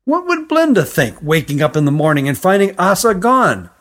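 Brief: a man doing a small, curious boy, high and questioning, storybook reading. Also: sing-song, normal speed, fairly bright tone, heavily acted. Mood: eager. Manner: eager, questioning.

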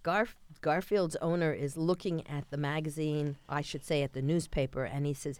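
A woman's voice: low-pitched, steady tone, moderate pace, darkish tone, no echo. A woman casually reading comic strips aloud, correcting herself as she goes. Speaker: comics reader.

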